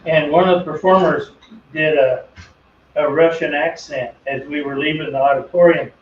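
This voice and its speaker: A middle-aged man with a slightly high voice chats casually while working, drifting into rambling, self-deprecating stories. He sounds distant from the mic in an echoey home workshop. The audio is dull and muffled with a faint steady hum underneath. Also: normal speed. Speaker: woodworking channel host.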